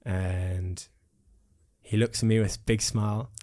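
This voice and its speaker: Earnest South African young man, lowish voice. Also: steady tone, measured pace, warm tone. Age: 20s. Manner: earnest, reflective, many fillers and restarts. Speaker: musician guest. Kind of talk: casual interview conversation.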